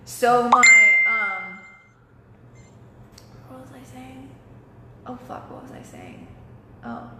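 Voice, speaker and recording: Young woman, candid rambling storyteller, fairly high voice, echoey room with a long reverb. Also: steady tone, slow, long pauses, bright, forceful tone, slight background noise. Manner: candid, frequent swearing, loses her train of thought. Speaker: vlogger. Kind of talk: personal storytelling.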